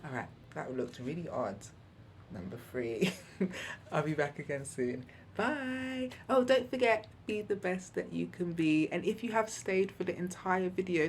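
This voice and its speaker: Low-voiced mum vlogging parenting tips at home, chatty, laughs a lot, faint hiss behind. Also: female voice. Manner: chatty and candid, often laughs and acts out what she said. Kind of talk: casual advice vlog.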